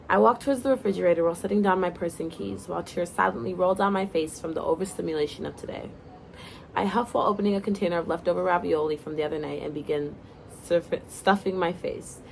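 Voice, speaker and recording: A woman's voice: fairly low pitch, gravelly, a little hiss or hum. A young woman casually reading her own first-person story aloud, now and then breaking off to comment and apologize.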